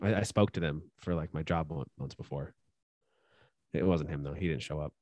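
A young man co-hosting a podcast, casual and earnest, offering gentle advice with fillers and asides. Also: rumbling low, moderate pace, no room sound, clean studio sound. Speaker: podcast co-host. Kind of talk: casual chat.

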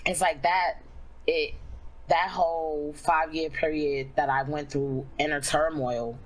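A young adult woman who streams tells a personal story candidly and casually, using lots of fillers and slowing when she reflects. Her voice is low-pitched with fairly even intonation, and the recording quality is low.

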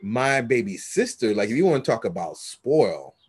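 A man's voice: mid-range voice, very animated, moderate pace, husky. A man co-hosting a podcast in casual chat, laid-back and loose. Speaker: podcast co-host.

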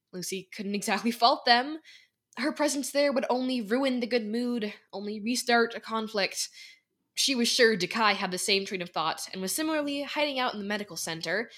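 A teenage girl narrating a homemade fan audio drama at a steady pace. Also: on the high side. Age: teens. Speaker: co-narrator and voice actor.

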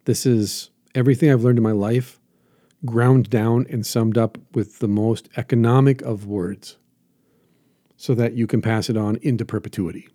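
A man's voice: mid-range voice, fairly even intonation, moderate pace, warm tone, no echo, studio quality. A man hosting a reflective motivational monologue as a jiu-jitsu teacher, earnest and emphatic with lots of repetition.

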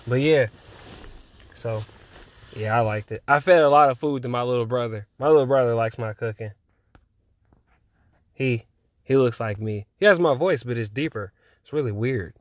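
A young man hosting a solo chat podcast while high, talking in a loose, rambling way with lots of slang and swearing. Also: normal speed, pauses often, dry recording. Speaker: podcast host.

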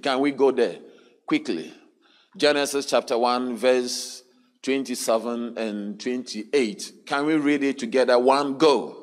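Slow, deliberate male preacher. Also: mid-range voice. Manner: call-and-response preaching, frequent hallelujahs and prompts to the congregation. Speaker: pastor. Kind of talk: sermon. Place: church service.

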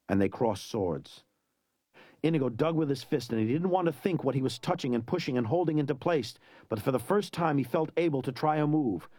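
A man narrates a novel in an even, measured way, with a middle-pitched voice. The recording is dry and close, with no room sound. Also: no echo. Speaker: reader. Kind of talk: audiobook narration.

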